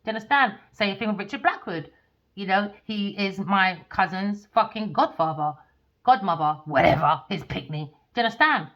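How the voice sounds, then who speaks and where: A woman rants casually into a muffled, lo-fi recording. She is blunt and swears freely, sinking into low mutters before surging into loud, excited bursts. Her pitch sits in the ordinary middle. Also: normal speed. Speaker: podcast host. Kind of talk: casual storytelling rant.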